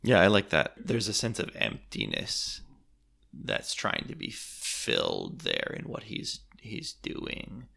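A man's voice: lowish voice, wildly swooping pitch, takes it slowly, gravelly, pushed and bright. A man hosting a podcast, discussing a book with enthusiasm and then wrapping up the episode and announcing the next one. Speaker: podcast host.

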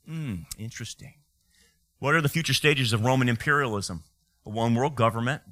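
A man's voice: medium pitch, fast talker, pushed and bright. A male pastor preaching a fiery sermon, full of rhetorical questions and sarcastic asides.

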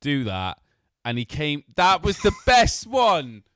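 A man's voice: on the high side, wildly swooping pitch, slow, hardly any pauses, pushed and bright, no echo, clean studio sound. A man hosting a podcast, chatting casually, teasing his co-host, swearing and laughing often. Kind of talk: casual chat.

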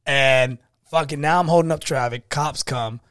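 Profane, animated man telling stories. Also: fairly high pitch, moderate pace, no room sound, studio quality. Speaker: podcast co-host. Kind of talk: casual podcast chat.

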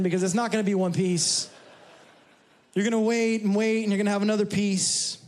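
A man's voice: high-pitched, darkish tone. A male pastor from New York preaching a sermon in a conversational, humorous way, with asides to the congregation. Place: church service.

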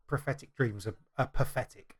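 A man's voice: medium pitch, moderate pace. A man co-hosting a podcast, cutting in with dry, teasing remarks. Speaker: podcast co-host. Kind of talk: casual chat.

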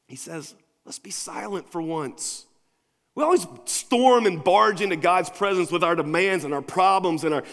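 A male pastor preaching a sermon in a casual, conversational way, moving between quiet asides and emphatic points. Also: fairly high pitch. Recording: long reverb of a large hall.

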